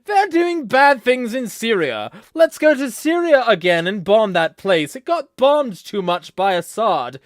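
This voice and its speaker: A man voicing a shrieking, warmongering American hawk in a shrill, shouting, mocking tone. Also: big pitch swings, a little slow, few pauses, no echo, clean studio sound, full character voice. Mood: shrill outrage.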